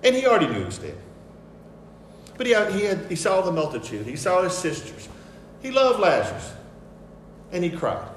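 A man preaching a sermon with picture slides, emphatic and repetitive, shifting between soft asides and loud declarations. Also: sits high, wildly swooping pitch, normal speed, pauses often, slight background noise. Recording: echoey hall with faint ambience.

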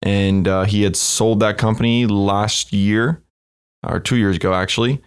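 A young American man, a startup co-founder and podcast guest, talking about his background in a relaxed, easygoing, conversational way. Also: on the low side, a little slow, smooth. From United States. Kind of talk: casual podcast interview.

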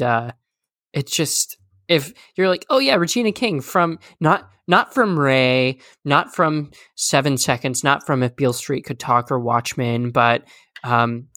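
A man's voice: mid-range voice, measured pace, a bit bright, dry recording, studio quality. A man co-hosting a casual podcast chat, rambling with lots of fillers and teasing his co-host.

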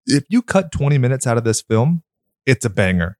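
A man's voice: mid-range voice, big pitch swings, a little fast, no room sound, studio quality. A man hosting a podcast, chatting casually about films in a blunt, enthusiastic way and swearing freely. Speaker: podcast host. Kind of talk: casual film chat.

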